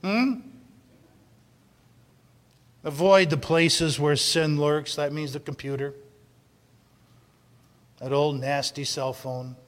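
A man preaching a sermon, repeating his lines for emphasis and swinging between loud shouts and low, intense stretches. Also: fairly even intonation, slow pace, long pauses, big-room sound. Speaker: pastor.

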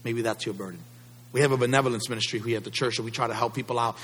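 A man's voice: medium pitch, fairly even intonation, racing, fairly bright tone, husky, long reverb tail. A man preaching a sermon as pastor, building up with repeated calls to his congregation.

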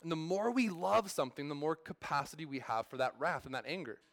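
A man's voice: on the high side, quick pace, gravelly, fairly bright tone, dry recording. A man in his thirties preaching a sermon as pastor, in a conversational way that restarts and repeats words.

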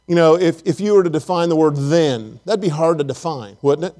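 A man's voice: fairly high pitch, brisk, mellow. A man preaching a sermon in church, telling folksy stories and asking the congregation questions. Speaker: pastor.

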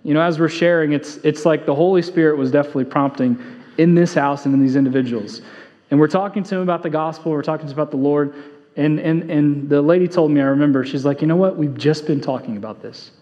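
High-voiced man preaching in echoing hall. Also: steady tone, fast talker, dark tone. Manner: earnest, repeats key phrases for emphasis; conversational storytelling with fillers. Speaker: pastor. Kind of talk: sermon. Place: church sanctuary. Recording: long hall reverb, dull lo-fi sound.

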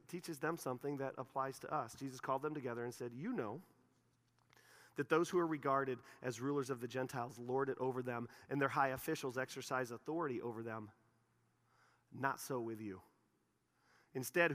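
Animated preacher in a reverberant hall. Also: male voice. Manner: animated, mimics the disciples in high voices. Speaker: pastor. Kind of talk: sermon.

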